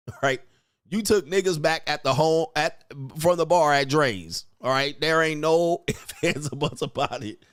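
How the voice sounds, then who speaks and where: A man's voice: on the high side, normal speed, fairly bright tone, clear, resonant tone, no echo. Male commentary host, crude and blunt, dry close sound. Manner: blunt, crude, repeats himself, mimics reactions. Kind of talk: commentary on video clips.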